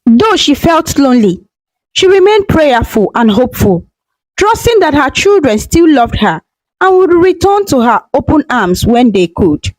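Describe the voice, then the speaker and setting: A woman storyteller narrating a scripted folktale in a steady, dramatic way on a close microphone. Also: high-pitched, unhurried, no room sound, poor audio.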